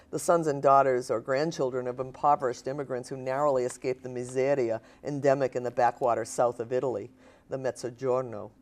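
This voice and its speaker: Older woman author in her sixties, low-pitched, animated storyteller at a live reading. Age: 60s. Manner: animated storyteller, laughs often. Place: stage at a writers event.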